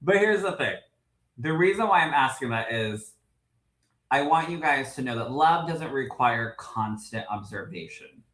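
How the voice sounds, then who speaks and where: A man co-hosting a podcast as a medium, telling stories in a lively way, laughing often and greeting live viewers. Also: mid-range voice, measured pace, roomy sound, poor audio. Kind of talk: casual livestream chat.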